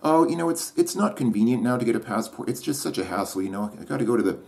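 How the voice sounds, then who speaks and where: A man's voice: medium pitch, lively intonation, fast, creaky, a little mellow, pitched above the performer's own voice. A man voicing a whiny, evasive woman who keeps stalling on plans to visit. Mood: whiny mimicking. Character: whiny evasive woman, a long-distance online admirer.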